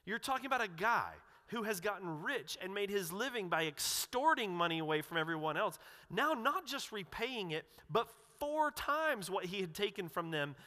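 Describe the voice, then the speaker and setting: Bright-voiced pastor in an echoey hall. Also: male voice, sits high, normal speed. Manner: casual and animated, acts out quotes with restarts. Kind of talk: conversational sermon. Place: church sanctuary.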